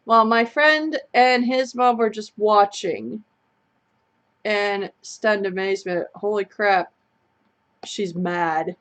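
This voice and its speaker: A young woman co-hosts a casual live stream, telling a long story to her viewers. She talks in an animated way and laughs often. Her voice sits at a middle pitch. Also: slow. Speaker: co-host of a live chat stream.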